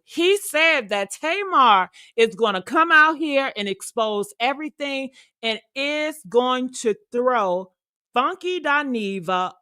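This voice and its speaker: A woman hosting a casual gossip stream, telling stories in a sassy, animated way. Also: fairly high pitch, clean tone, dry recording. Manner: sassy, animated storytelling with acted-out quotes. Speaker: show host.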